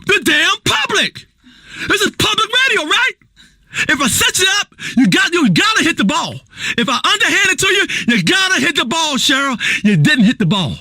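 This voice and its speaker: An unhinged, self-important radio doctor, lively swings, dry close sound. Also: male voice, very high voice, moderate pace, no room sound, full character voice. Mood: lecturing. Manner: rambling, volatile, bursts into shouting. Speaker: radio health show host. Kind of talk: comedic radio talk show acting.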